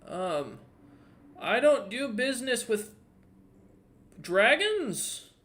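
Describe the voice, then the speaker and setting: A man doing a shrill, panicky old blind shopkeeper. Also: very animated, very slow, a bit bright, heavily acted. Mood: wary. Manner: high, squawking, panicky. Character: blind old human bounty hunter shopkeeper, skittish.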